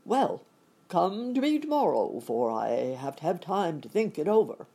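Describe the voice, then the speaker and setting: A woman's voice: fairly low pitch, very animated, moderate pace, dark tone, husky, voice pushed up, exaggerated voice. A woman voicing a timid little old man who poses as a great wizard, stammering and trembling as he pleads.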